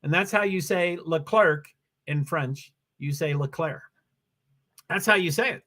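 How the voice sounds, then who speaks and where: A man with a high voice talks casually through a livestream of a race. He rambles, trips over his own sentences and restarts them, and keeps chatting to his viewers. He speaks from a desk mic at home. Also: moderate pace, sharp tone. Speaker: livestream host. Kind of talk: casual live commentary on a race stream.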